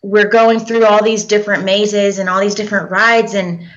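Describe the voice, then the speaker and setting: A young woman, a guest in an interview, telling a personal story in a halting, hesitant way with many fillers. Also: medium pitch, level tone. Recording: dull lo-fi recording.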